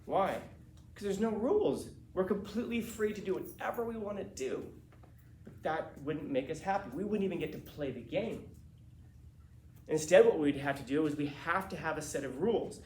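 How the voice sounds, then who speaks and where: A man's voice: fairly high pitch, lively intonation, moderate pace, darkish tone, roomy sound, slight background noise. A male teacher giving a classroom lecture in a casual, slangy way, acting out quotes as he talks.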